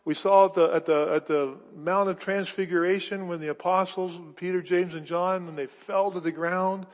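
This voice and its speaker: A male pastor preaching a sermon, emphatic and full of restarts, with sudden swings between loud and soft delivery. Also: high-pitched, steady tone, normal speed. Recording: dull, echoey hall recording.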